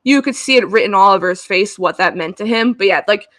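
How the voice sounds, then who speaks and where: A woman's voice: mid-range voice, quick pace, fairly bright tone, no echo. A woman co-hosting a podcast in casual chat, gushing and laughing often, acting out the people she quotes. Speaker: podcast co-host.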